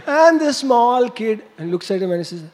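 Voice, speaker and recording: High-voiced man telling a story. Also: moderate pace. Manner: animated storytelling with laughs and sound effects. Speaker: monk preacher. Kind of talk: storytelling sermon.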